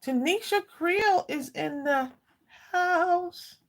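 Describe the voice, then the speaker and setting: A woman hosts a live crafting stream, chatting casually, greeting viewers by name, and saying "y'all" a lot. Her voice is very high-pitched, and she speaks extremely slowly.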